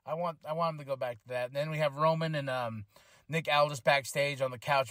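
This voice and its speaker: A man hosts his own podcast and recaps the show in a loose, rambling way. His voice sits a little high for a man and he drops into quoted voices as he goes. The sound is dry and close, with no room echo. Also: fairly quick. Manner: excitable, chatty, acts out quotes. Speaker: podcast host. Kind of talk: casual solo wrestling recap.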